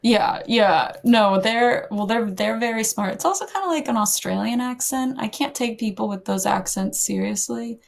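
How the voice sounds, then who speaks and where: A woman's voice: fairly high pitch, normal speed, creaky, hardly any pauses. A woman guest on a podcast, an editor and curator, musing casually with lots of "like" and fillers.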